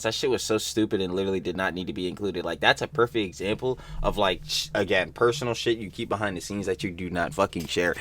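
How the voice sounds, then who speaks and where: A man hosting a reaction video, loud, profane and quick to laugh, in casual slang-heavy commentary. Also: lowish voice.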